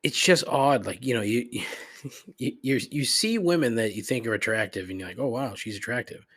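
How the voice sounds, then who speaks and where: A man's voice: medium pitch, expressive, normal speed, a bit bright. Profane middle-aged man griping. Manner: profane, rambling, griping, frequent laughs and asides. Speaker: podcast host. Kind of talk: casual comedic rant.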